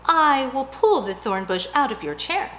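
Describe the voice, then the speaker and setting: A woman voicing a kind, calm policeman in a lowered, gentle voice. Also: normal speed, a little hiss or hum, low-quality recording.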